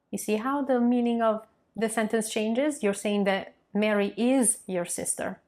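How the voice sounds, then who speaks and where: A woman's voice: mid-range voice, darkish tone. Italian woman teaching vowel sounds. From Milan, northern Italy. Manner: clear, explanatory, modeling pronunciations slowly. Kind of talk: online language lesson.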